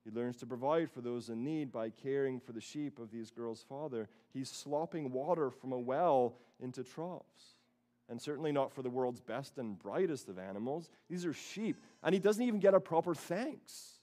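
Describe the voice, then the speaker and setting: A man pastor preaching a sermon, telling the story with lively quoted voices. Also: mid-range voice, moderate pace. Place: church sanctuary.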